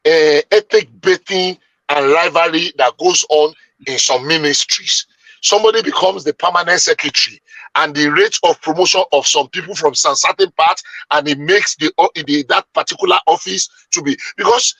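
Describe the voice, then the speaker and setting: A man's voice: a little high, moderate pace, bright, forceful tone, breathy edge, no echo, poor audio. A man, arguing emphatically and at length as a panelist in a heated debate. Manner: emphatic, argumentative, long-winded.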